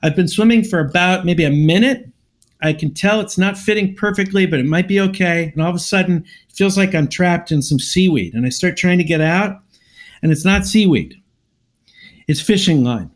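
A man's voice: high voice, moderate pace. A man casually telling a long personal story on a podcast, acting out both sides of an argument.

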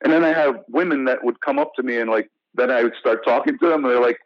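An American actor, appearing as an interview guest, tells stories about his career in a lively, casual way, talking fast and often restarting with lots of "you know." His pitch is ordinary. The recording is dry and somewhat dull, like a remote call.

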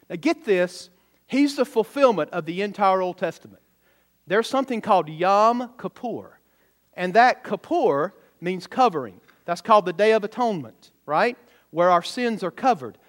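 A man's voice: high voice, animated, a little slow. A man preaching a sermon to a congregation, telling a story and building to emphatic exclamations.

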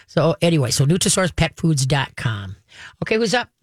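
A woman's voice: low-pitched, very animated, normal speed, slightly rough, dry recording, clean studio sound. A woman hosting a radio call-in show about pets, chatty and direct, acting out the commands she recommends. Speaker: radio pet show host.

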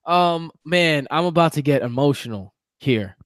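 A man's voice: on the high side, expressive, moderate pace, dry recording, studio quality. A man co-hosting a casual sports chat, a fiery fan from New York who rants and swears. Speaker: podcast co-host.

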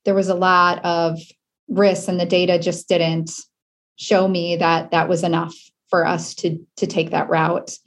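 A woman from Wisconsin, middle-aged, speaks in a fairly low register. She tells her story in an interview with sincerity and quiet emotion. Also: little pitch movement, measured pace. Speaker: guest. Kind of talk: personal interview.

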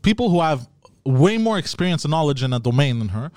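A man's voice: a little high, sing-song, fairly quick, a little mellow, no echo. A man casually telling a long, rambling story with profanity and frequent restarts.

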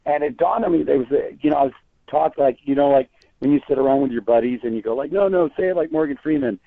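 A man's voice: mid-range voice, steady tone, fast, creaky, dry recording. A man, an entertainment reporter, chatting as a guest and telling stories, often restarting his sentences. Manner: chatty storyteller with frequent restarts. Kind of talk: casual phone interview. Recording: tinny phone line.

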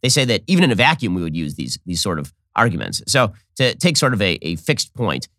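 A man hosting an interview, laying out competing arguments in a brisk, argumentative way. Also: fairly low pitch, big pitch swings, fairly bright tone, no echo, studio quality. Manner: rapid, argumentative, lays out positions. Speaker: podcast host. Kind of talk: interview discussion.

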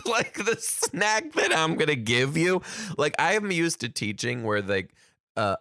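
A young man rants through a casual monologue, his voice swinging widely in pitch as he exclaims and laughs between lines. He sounds like a teacher telling stories to viewers. The recording is close and dry, with no room sound around him. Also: no echo. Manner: animated, exclamatory, ranting; laughs often while talking.

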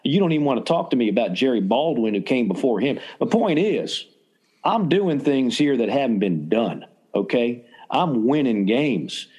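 A man's voice: medium pitch, big pitch swings, moderate pace, darkish tone, slightly rough, muffled recording. A man voicing a boastful Southern college football coach at a mock press conference, with a put-on Southern accent and brash, self-promoting talk.

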